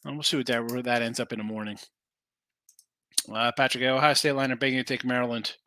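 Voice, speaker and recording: This sports betting podcast host talks fast in a sharp, mid-range voice with fairly even intonation, rambling casually over his picks and replying to chat. The sound is dry and clean, studio quality.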